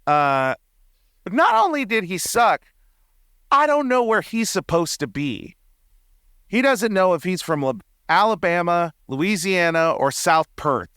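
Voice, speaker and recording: A young man co-hosting a casual movie review podcast, animated and mock-exasperated, often dropping into quoted voices. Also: sits high, a little slow, clean tone, dry recording, studio quality. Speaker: podcast co-host.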